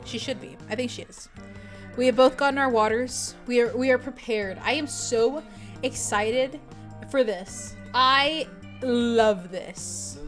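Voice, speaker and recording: Bubbly excitable young woman streamer. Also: on the high side, moderate pace, faint music behind. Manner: bubbly, excitable, repeats greetings. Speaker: streamer reading fanfic aloud. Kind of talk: casual livestream chat.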